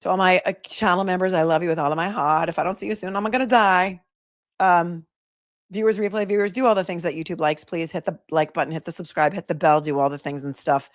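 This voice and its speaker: A woman attorney hosts a casual livestream, talking straight to her viewers with wry, playful asides. Her voice sits on the low side, and the sound is dry and close to the mic. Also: fairly even intonation, fast talker, dry recording.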